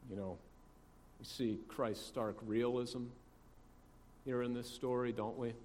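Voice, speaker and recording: A male pastor delivers a sermon in a chatty, conversational way, often asking rhetorical questions. His voice sits at a middle pitch and moves between quiet asides and loud emphasis. It echoes with a long reverb through a large hall. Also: steady tone, slow, a little hiss or hum.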